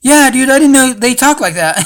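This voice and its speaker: A man's voice: extremely high pitch, animated, unhurried, a bit bright. A young man hosting a casual livestream, rambling and swearing, calling everyone dude. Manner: rambling, profane, says dude a lot. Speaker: livestream host.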